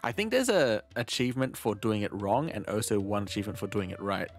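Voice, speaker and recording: A man streaming a game live, chatting casually as he plays, rambling, swearing freely and often clearing his throat. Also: on the low side, lively intonation, fairly quick, soft background music. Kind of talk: casual live gameplay commentary.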